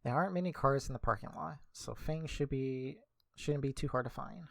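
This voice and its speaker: A man's voice: medium pitch, normal speed, creaky, no echo. A young man streaming, reading a visual novel aloud casually, correcting his slips as he goes.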